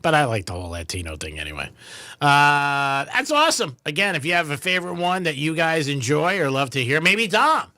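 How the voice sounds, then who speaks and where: A man's voice: on the high side, animated, brisk, sharp tone. A man hosting a radio show in loose casual chat, rambling with lots of fillers. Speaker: radio host.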